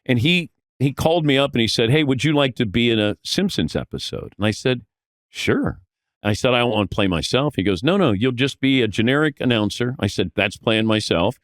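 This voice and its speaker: Older male broadcaster, mid-pitch, chatty anecdote teller on a dry close mic. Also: expressive, fairly quick, no room sound. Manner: storytelling, acts out quoted voices, self-deprecating. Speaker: sports broadcaster guest. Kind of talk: casual podcast interview.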